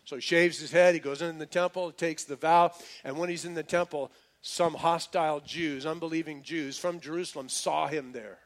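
A man's voice: fairly high pitch, steady tone, normal speed. A man preaching a sermon, retelling a story casually with slang and repeated restarts. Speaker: pastor.

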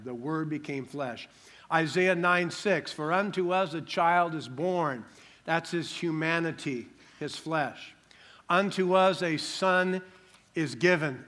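An older man preaching a sermon as pastor, emphatic, slowing down to stress key words. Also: on the high side, fairly bright tone.

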